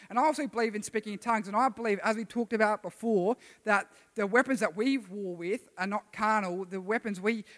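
A man preaching to a youth group in a casual, energetic way and calling on listeners to respond. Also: sits high. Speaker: youth pastor. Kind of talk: sermon. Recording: reverberant hall.

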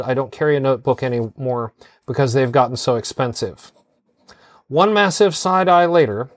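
A man with a fairly high-pitched voice chats casually as a podcast co-host, relaxed but hesitant and using many fillers. It's recorded at studio quality with no room sound.

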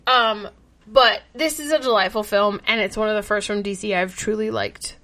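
A young woman co-hosting a casual podcast chat, heated and swearing freely, quick to laugh. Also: mid-range voice, fairly even intonation, a bit bright. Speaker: podcast co-host.

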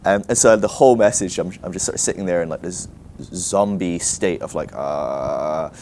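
A man's voice: sits low, brisk, darkish tone, slight background noise. A man speaking at a ministry school, telling a self-deprecating story in a casual sermon, full of "like" and restarts.

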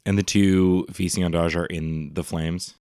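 Deep, smooth-voiced man at the game table. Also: moderate pace, dry recording, clean studio sound. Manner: steady, matter-of-fact declarations of actions. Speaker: player.

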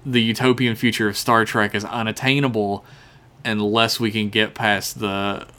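A man's voice: lowish voice, level tone, moderate pace, sharp tone. A man co-hosting a podcast, talking casually with crude swearing, rambling and laughing. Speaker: podcast co-host.

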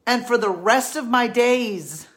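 A woman with a higher, fairly bright voice speaks at a measured pace, encouraging Christian women. Her faith talk to her followers is heartfelt and pleading, and she repeats her central lines for weight.

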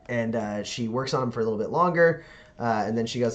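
Game master type, man, medium pitch, rambling casual narration full of fillers. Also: fast. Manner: loose, filler-heavy narration with many "like"s and "uh"s.

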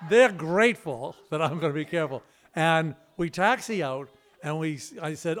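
Man, live stage storytelling, animated, vocal sound effects, a bit high-pitched. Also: unhurried. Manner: animated, imitates sounds with his mouth. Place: live storytelling event in a hall.

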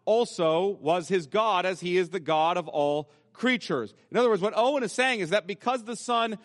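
A male pastor preaching in a church, his fairly high voice carrying a long hall reverb. He walks the listener through scripture point by point, in a patient teaching manner. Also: brisk, a bit bright. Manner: teaching, explaining scripture step by step. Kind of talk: sermon. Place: church sanctuary.

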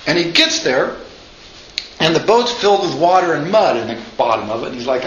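A man's voice: on the high side, sing-song, fairly quick, fairly bright tone. A man giving an informal lecture, chatty, often asking "right?" and acting out quotes. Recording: echoey room, slightly dull sound, faint noise.

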